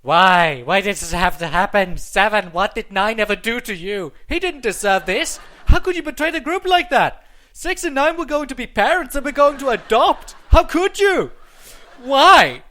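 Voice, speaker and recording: A man's voice: very high voice, lively intonation, normal speed, pitched above the performer's own voice, full character voice. A man playing a shrieking, grief-stricken mourner. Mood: anguished. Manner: shouting, anguished, overwrought. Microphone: headset mic.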